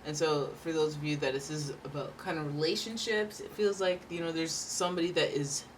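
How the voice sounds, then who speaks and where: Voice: mid-range voice, fairly even intonation, a little fast, slight background noise. Chatty tarot reader, slightly distant mic. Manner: chatty, rambling, playful asides. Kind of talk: casual tarot reading to camera.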